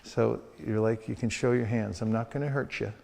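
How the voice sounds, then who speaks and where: In a hall with long reverb, a sales trainer runs a hands-on session with demonstrations, playfully acting out street encounters for the group. His mid-range voice is a little mellow, with vocal fry, fairly even intonation, and a moderate pace.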